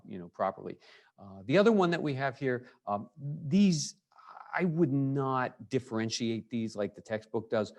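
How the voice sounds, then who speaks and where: A man teaching a high school English lesson, talking in a loose, conversational way with frequent fillers and restarts. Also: a little mellow. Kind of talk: recorded lecture.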